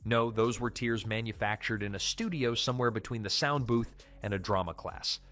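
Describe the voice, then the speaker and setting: A man's voice: medium pitch, normal speed, a bit bright, soft background music. A man reading scripted commentary narration in a punchy, dramatic way.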